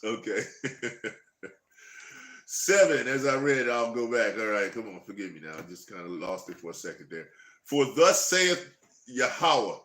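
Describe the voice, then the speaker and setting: A man leading a Bible study, reading verses slowly and breaking into lively, chuckling asides. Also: on the low side. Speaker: Bible teacher. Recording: echoey room.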